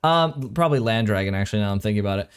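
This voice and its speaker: A man's voice: lowish voice, expressive, very fast, clear, resonant tone. A man co-hosting an anime reaction stream, talking loosely and casually, with easy swearing and rambling sentences. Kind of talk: casual chat. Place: home recording room.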